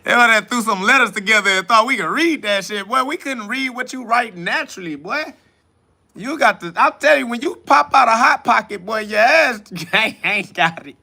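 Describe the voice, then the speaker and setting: A man's voice: high voice, creaky, pushed and bright. A man hosting a casual livestream, answering chat comments in a mocking, preachy, profane and rambling way. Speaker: livestream host.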